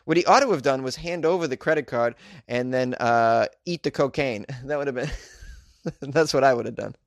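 A man's voice: medium pitch, normal speed, gravelly, no echo. Sarcastic man riffing on news. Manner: sarcastic, mocking, chuckling asides. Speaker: comedic commentator. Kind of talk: casual comedic monologue.

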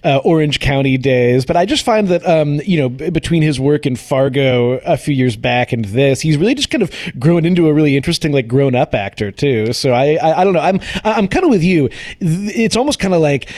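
A man's voice: a little high, expressive, fairly quick, darkish tone. A man co-hosting a casual TV review podcast, rambling with lots of restarts. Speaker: podcast co-host.

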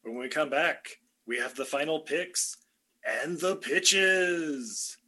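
A man's voice: fairly high pitch, expressive, slow pace, pushed and bright. A man hosting a podcast in casual fan-casting chat, jokey and laughing often. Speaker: podcast host.

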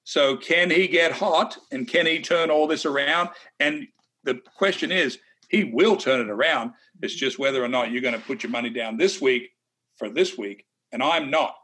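Bright-voiced blunt male golf analyst. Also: medium pitch, normal speed. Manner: blunt, opinionated, teasing. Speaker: co-host, golf analyst and former tour player. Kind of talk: casual golf betting chat.

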